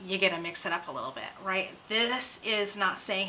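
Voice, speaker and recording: Young woman, bright voice, bubbly rambling vlog chat, faint room hum. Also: fairly low pitch, expressive, normal speed, few pauses, rough recording. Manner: bubbly, rambling, self-described hyper. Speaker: oracle card reader and channel host. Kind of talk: casual chatty vlog.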